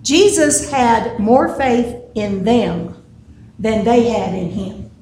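Woman preacher, high voice, unhurried conversational sermon, echoey room. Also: dark tone. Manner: conversational storytelling with humorous asides. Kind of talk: casual sermon. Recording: echoey room with faint noise.

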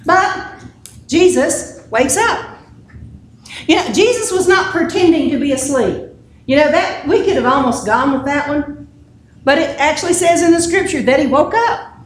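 Woman preacher, high voice, unhurried conversational sermon, echoey room. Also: animated. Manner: conversational storytelling with humorous asides. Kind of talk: casual sermon. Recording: echoey room with faint noise.

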